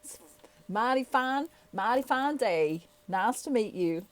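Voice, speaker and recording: A woman voicing a friendly Texan man with a put-on Texan accent, greeting a lady in a slow, folksy drawl. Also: fairly high pitch, animated, slight background noise.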